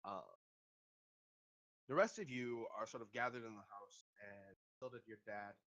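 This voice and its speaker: Male game master, halting narration, dull lo-fi sound. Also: fairly low pitch, a bit bright. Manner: hesitant, many fillers. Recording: dull lo-fi recording.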